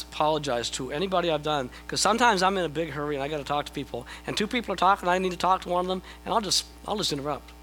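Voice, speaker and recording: Bright-voiced pastor preaching. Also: male voice, on the high side, slight background noise, poor audio. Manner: conversational, self-deprecating, repeats words when starting a thought. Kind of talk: sermon.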